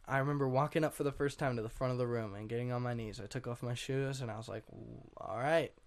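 A young man, a guest on an interview show, telling his story in a rambling, casual way, full of fillers and frequent throat clearing. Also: mid-range voice, fairly even intonation, racing. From Washington state. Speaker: guest artist.

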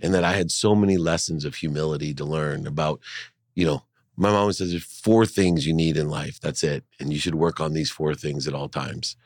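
A middle-aged man, a guest in an interview, telling a personal story in an earnest, animated way. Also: a bass voice, moderate pace, no echo, clean studio sound. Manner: earnest, animated, acts out his mother's voice in dialogue. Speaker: guest, entrepreneur and speaker. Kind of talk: emotional storytelling in a podcast interview.

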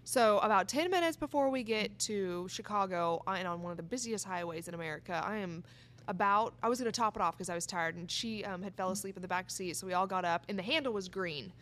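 A woman telling a road-trip story in a casual chat, lively and laughing, acting out what people said. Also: medium pitch, fast talker. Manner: animated, laughing, acts out quotes. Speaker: guest, barrel racer.

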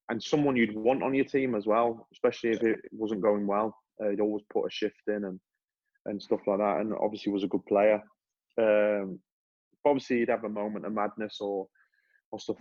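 A man's voice: on the low side, no echo, lo-fi sound. A man, a former footballer, talking casually as a podcast guest, telling stories with many restarts. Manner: relaxed storytelling with many restarts.

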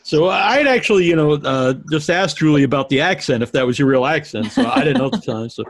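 Man, podcast host, hesitant, somewhat high voice, dry sound. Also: big pitch swings, fast, no room sound. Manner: hesitant, stumbling questions. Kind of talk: casual interview chat.

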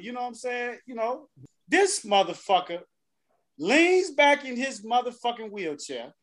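A man's voice: extremely high pitch, very animated, measured pace, a bit bright. A man co-hosting a podcast, telling a long, profane story in casual banter. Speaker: podcast co-host.

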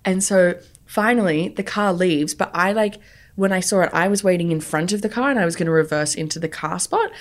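An Australian woman in her young adult years, chatting casually as a podcast co-host. She tells stories with lively energy and breaks into laughter often. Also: on the low side, brisk. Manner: animated storytelling, laughs often. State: pregnant. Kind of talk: casual chat.

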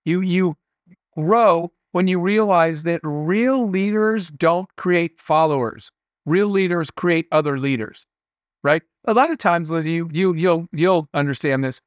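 Speaking unhurriedly as an interview guest, a middle-aged entrepreneur with a notably high voice offers earnest, anecdote-filled motivational lessons in a conversational way. The lo-fi recording is dry and close, with no echo or room around it.

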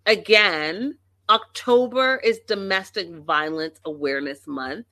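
Slow, bright-voiced indignant woman vlogger. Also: on the low side, dry recording. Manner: emphatic, indignant, swears freely. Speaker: reality TV commentator. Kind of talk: casual opinionated recap.

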